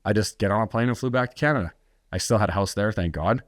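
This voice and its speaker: Man, lower voice, blunt and intense, swears a lot, dry close recording, podcast interview guest. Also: fast talker, dry recording. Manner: blunt, intense, swears freely, acts out quoted dialogue. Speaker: entrepreneur guest. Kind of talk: candid storytelling in a podcast interview.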